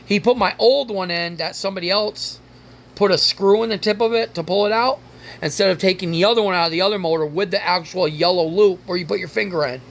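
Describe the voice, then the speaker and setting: A man's voice: sits high, quick pace, vocal fry, fairly bright tone, slight background noise. A man hosting his own car vlog, rambling and ranting casually with frequent swearing. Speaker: car vlogger.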